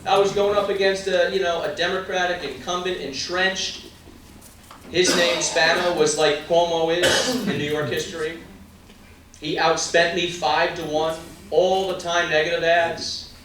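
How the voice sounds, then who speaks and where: A man's voice: on the high side, flat delivery, measured pace, a bit bright, a little hiss or hum. A man giving an emphatic campaign stump speech at a party meet-and-greet, firing rhetorical questions and asides at the crowd. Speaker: political candidate. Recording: very echoey room from far off.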